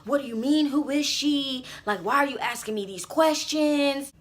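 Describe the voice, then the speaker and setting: A woman voicing her young boyfriend in a retold story, defensive and pleading in a drawn-out way. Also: sits high, lightly acted. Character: young man pleading his innocence, boyfriend.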